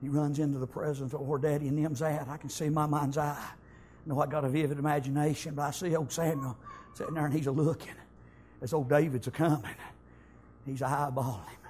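A man preaching a sermon, telling the story in folksy speech, breaking into shouted bursts and scattering amens through his lines. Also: a little high, fairly even intonation, fairly quick, a little hiss or hum.

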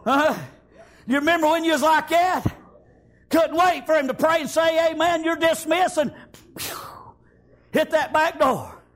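Preaching a fervent revival sermon, a man often shouts and peppers his words with "amen" and "praise God." He speaks at normal speed in a very high voice.

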